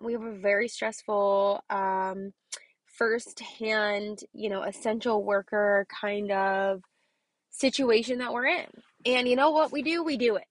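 A woman's voice: a little high, dry recording. A woman who teaches kindergarten, hosting a casual motivational podcast and speaking emphatically, often checking in with "okay?" and dropping to a whisper to stress a point. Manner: emphatic, repeats "okay?" to the listener; drops to a whisper for key points.

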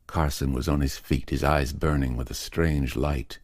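Man reading a creepy story, really deep voice, dry close sound, measured. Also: animated, dry recording. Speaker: narrator. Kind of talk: scripted horror story narration.

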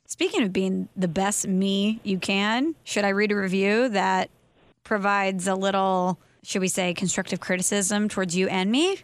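A woman's voice: medium pitch, moderate pace. A woman hosting a casual podcast, teasing her co-host and laughing often.

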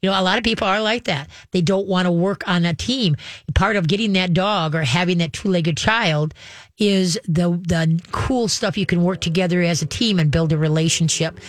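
A woman's voice: fairly low pitch, normal speed, no echo. A woman dog trainer, a guest giving casual advice in a folksy, rambling way. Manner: folksy and rambling, acts out dogs and owners.

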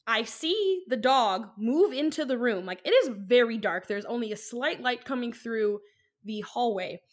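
Chatty young woman, higher voice. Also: expressive, a little slow. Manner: rambling, full of likes and ums, swears freely. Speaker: podcast co-host. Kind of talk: casual storytelling chat.

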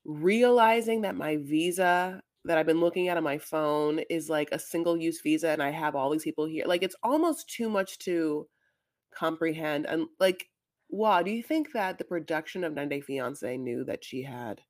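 A young adult woman co-hosting a podcast, recapping a reality show in a casual, rambling chat full of filler words and swearing. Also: low voice. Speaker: podcast co-host.

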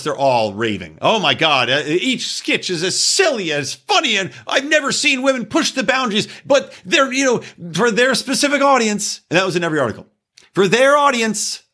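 A man's voice: fairly high pitch, breathy edge. A man hosting a podcast, ranting casually and profanely, often wandering off topic. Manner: animated, profane, digressive. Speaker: podcast host. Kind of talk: casual opinion rant.

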